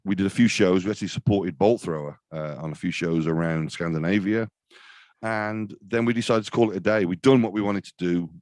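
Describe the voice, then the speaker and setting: A man's voice: sits low, a little fast, darkish tone, no room sound. A man in his fifties, a death metal vocalist chatting as an interview guest, rambling and self-deprecating with many restarts. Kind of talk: casual interview chat.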